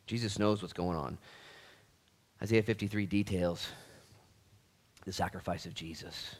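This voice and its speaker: A man with a fairly low voice preaching in church. He talks casually, with folksy asides and restarts. He builds from soft reflection into fervent, loud calls to action. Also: fairly even intonation, measured pace. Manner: fervent, swings from quiet reflection to loud rallying. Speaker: pastor. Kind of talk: sermon.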